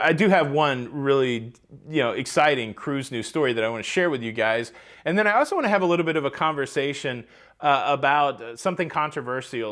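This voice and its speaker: Man, upbeat vlog host, chatty, speaks a touch higher than most. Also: a bit bright. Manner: chatty, upbeat, addresses viewers directly. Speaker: cruise news vlogger. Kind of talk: casual vlog commentary. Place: outdoors by the ocean.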